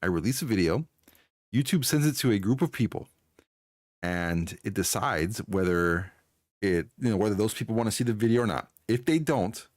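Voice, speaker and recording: A fairly low-pitched man talks casually into a close, dry mic during a live stream. He chats loosely with viewers, laughing often and restarting his sentences as he goes. The sound is close and dry, with no room echo. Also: expressive, moderate pace. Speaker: streamer answering chat.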